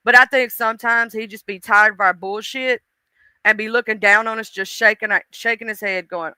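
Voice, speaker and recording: Woman streamer, chatty and laughing, very bright, crisp voice. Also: on the high side, normal speed, no room sound, rough recording. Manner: chatty, laughing, talks to chat viewers. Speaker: live stream host. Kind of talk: casual live stream chat.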